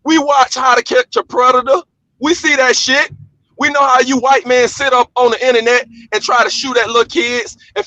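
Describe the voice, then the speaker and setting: A man rants bluntly and profanely as a live-stream guest. His voice sits very high and sounds sharp and bright. The audio is dry and a little muffled. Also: no echo. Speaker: panel guest. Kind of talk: heated live-stream commentary.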